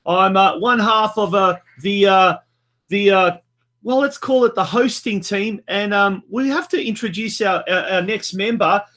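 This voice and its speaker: A man's voice: sits high, a little slow, a bit bright. A man hosting a football show in a chatty manner, full of fillers and restarts. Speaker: host.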